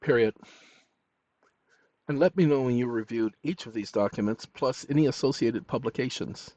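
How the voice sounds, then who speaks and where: A man's voice: medium pitch, normal speed, warm tone, dry recording. Man dictating prompts, punctuation and all. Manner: dictates punctuation aloud between loose asides. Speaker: channel host. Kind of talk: screen-recorded tutorial, dictating prompts aloud. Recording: dull lo-fi recording.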